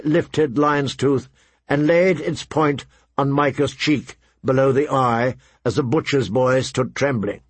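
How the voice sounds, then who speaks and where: Male audiobook narrator, husky, mid-pitched, dry close recording. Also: takes it slowly, no room sound.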